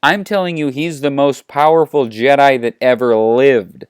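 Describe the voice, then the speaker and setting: A man's voice: medium pitch, steady tone, moderate pace, clean tone, no room sound, clean studio sound, close to an everyday voice. A man voicing a stern young princess.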